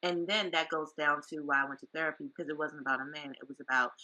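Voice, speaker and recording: A woman's voice: low-pitched, steady tone, fast talker, pushed and bright, slight background noise, rough recording. A woman hosting a podcast in chatty, relatable conversation, readily affirming her guest. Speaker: podcast host. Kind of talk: casual chat.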